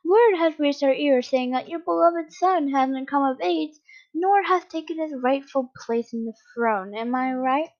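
A woman reading aloud, voicing a smug, sly male villain henchman who taunts his captives in a slow, mocking way. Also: high voice, a little mellow, muffled recording, voice pushed up.

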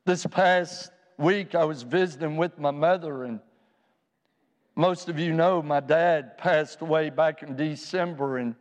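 Middle-aged guy preaching, earnest pastor voice, kinda high, long echo in a church hall. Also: darkish tone. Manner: earnest, pastoral, rising to fervent emphasis. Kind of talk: sermon. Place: church sanctuary.

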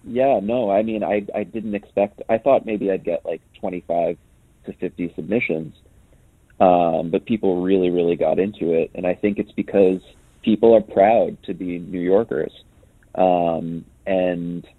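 Deep-voiced man on a phone line. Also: vocal fry, dry recording. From New York. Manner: hesitant, many ums and restarts. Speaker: guest. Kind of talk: casual interview answers.

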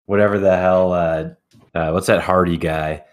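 A man's voice: sits low, steady tone, normal speed. A man co-hosting a podcast in casual, joking chat. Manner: joking, teasing. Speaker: podcast co-host.

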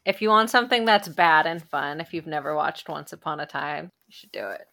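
Woman on a podcast, bright voice, talks with lots of swing, emphatic, laughs easy. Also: low voice, brisk, gravelly. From United States. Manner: animated and emphatic, laughs easily. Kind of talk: casual podcast chat.

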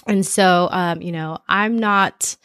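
A woman co-hosting a casual chat, bubbly and quick to laugh. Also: lowish voice, steady tone, a bit bright, clean tone, dry recording, clean studio sound.

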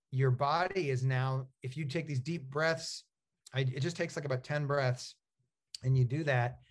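This man's voice sits at a medium pitch. He's an author appearing as a guest in a casual interview, and his talk wanders like a story, packed with fillers and restarts.

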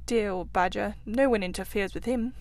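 A woman's voice: mid-range voice, normal speed, darkish tone, no echo, lightly acted. A woman voicing a self-assured male water rat who loves his river, talking in a confident, chatty and somewhat guarded way. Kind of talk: storybook reading.

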